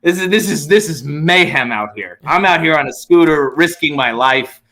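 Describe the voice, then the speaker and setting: A man, a comedian guest on a podcast, telling a story in casual chat, animated and profane, acting out both sides of an exchange. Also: a little high, moderate pace. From United States.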